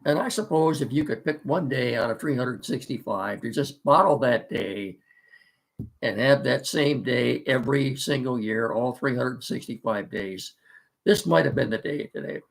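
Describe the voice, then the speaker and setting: A man's voice: mid-range voice, moderate pace, creaky. A middle-aged man hosting a casual sports talk show, folksy and rambling with many fillers, his voice congested from allergies and a cough.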